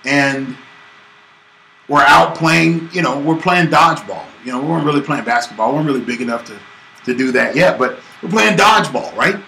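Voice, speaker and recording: A man from Georgia coaches a business audience in an animated way and plays the characters when he tells a story. His bright voice carries a gravelly edge. It sounds like an echoey room with faint background ambience. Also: a little high, a little fast, slight background noise. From Georgia, USA. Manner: animated, acts out voices in stories. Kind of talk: casual teaching talk with storytelling.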